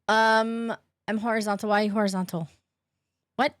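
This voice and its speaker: Speaking at normal speed in a mid-range voice, a woman chats with viewers during a game stream from her room. She greets them by name, laughs frequently and swears offhandedly, on a dry, clean studio recording.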